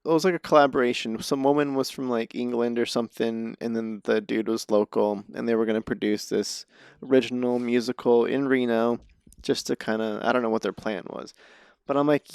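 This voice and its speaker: A man's voice: mid-range voice, steady tone, fairly quick, creaky, a little mellow, clear, resonant tone, dry recording, clean studio sound. A man, a podcast guest who acts and does comedy, telling self-deprecating stories in casual conversation. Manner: self-deprecating storytelling, laughs at himself.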